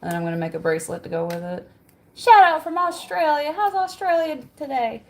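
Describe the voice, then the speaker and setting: A woman's voice: high-pitched, lively intonation, brisk. A woman hosting a livestream from home, chatting casually, reading viewer comments aloud and laughing often. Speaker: livestream host.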